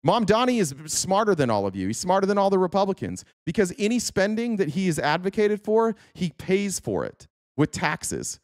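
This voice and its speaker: A man's voice: sits high, normal speed, hardly any pauses, no room sound, studio quality. Sarcastic, swearing male livestream commentator. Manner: animated, sarcastic, profane. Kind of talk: casual livestream commentary reacting to clips.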